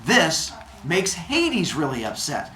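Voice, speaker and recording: A man's voice: fairly high pitch, huge pitch swings, slow, pushed and bright, faint music behind. A male teacher telling a myth to his class in a casual, jokey way, full of modern slang. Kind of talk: storytelling lesson to a class. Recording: echoey classroom.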